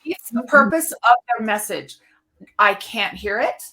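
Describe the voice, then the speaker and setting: A woman's voice: on the high side, expressive, measured pace, bright, forceful tone. An older woman speaking bluntly and emphatically in a casual panel discussion. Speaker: podcast co-host.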